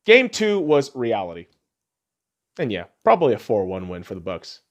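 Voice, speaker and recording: Foul-mouthed man ranting with lively pitch. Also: moderate pace. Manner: profane, heckling, animated ranting. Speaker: podcast host. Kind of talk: casual sports talk rant.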